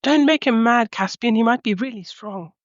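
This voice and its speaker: A woman speaking in character at a tabletop game, eager and excitable and tripping over her words. Her voice is high. The recording is dry and a little muffled. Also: moderate pace, dry recording. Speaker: player. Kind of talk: in-character tabletop role-play.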